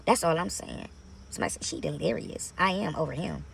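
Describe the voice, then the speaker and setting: A vlogger preaches about her faith to camera from a parked car, talking fairly quickly in a gravelly, breathy voice of fairly low pitch. She's emphatic, repeats phrases for effect, and keeps calling viewers honey and baby.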